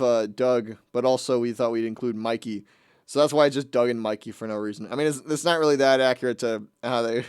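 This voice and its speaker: A male radio host with a smooth, resonant voice, recorded dry and close with no room around him. He chats casually between songs in a rambling, amused way, and he often stops to restart or correct his sentences. His pitch sits in an ordinary middle range for a man. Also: dry recording.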